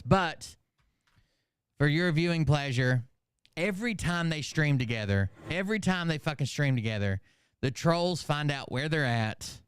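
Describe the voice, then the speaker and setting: A man talks through his commentary in a loose, rambling way, with swearing dropped in. His voice is smooth and resonant. The recording is dry and close. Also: medium pitch, dry recording. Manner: rambling, profane, conversational. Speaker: commentary channel host. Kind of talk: casual reaction commentary.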